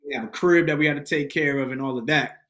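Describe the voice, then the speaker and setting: A young man from Rhode Island, a podcast guest and motivational speaker, telling a personal story in an animated, emphatic, slangy way. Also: a little high, fast.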